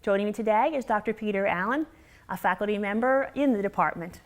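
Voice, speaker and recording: A woman's voice: medium pitch, fast. A woman in a mid-range voice hosting a university program, opening the show and introducing her guest. She asks friendly, leading questions and keeps the talk moving with short affirmations. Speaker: host.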